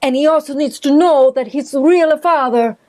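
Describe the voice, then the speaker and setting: Woman doing flustered scheming mom, high voice, scolding, improv comedy. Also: moderate pace, mellow, lightly acted. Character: flustered scheming middle-aged mother.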